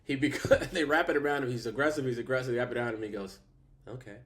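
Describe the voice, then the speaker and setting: A man's voice: mid-range voice, racing, fairly bright tone. A middle-aged man co-hosting a podcast, telling the story animatedly in a casual chat and laughing often. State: sick. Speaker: podcast co-host. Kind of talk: casual chat recapping a sitcom.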